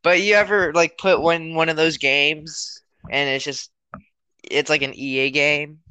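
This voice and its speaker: A teenage man co-hosting a podcast in casual chat, rambling and acting out his parents in loud quotes. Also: a little high, steady tone, measured pace, smooth, dry recording, poor audio. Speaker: podcast co-host.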